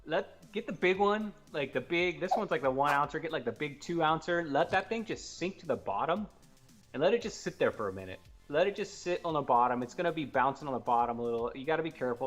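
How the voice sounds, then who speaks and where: A man co-hosting a fishing talk show, explaining gear and rigs in a fast, excited, casual way and laughing often. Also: a little high. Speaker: co-host giving fishing tips.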